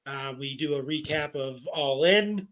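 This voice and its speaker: Man, podcast co-host, casual chat, fairly high pitch, playful, laughs often. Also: measured pace, a bit bright.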